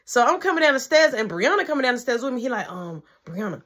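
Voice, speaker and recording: A woman's voice: high-pitched, quick pace. A woman telling a personal story in a casual, slangy way, acting out the dialogue as she goes. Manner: slangy, animated retelling with quoted dialogue.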